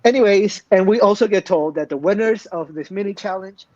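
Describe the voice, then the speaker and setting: High-voiced man co-hosting a podcast. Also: brisk, a little mellow, no room sound, lo-fi sound. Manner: emphatic, blunt, swears freely. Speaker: podcast co-host. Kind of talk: casual recap chat.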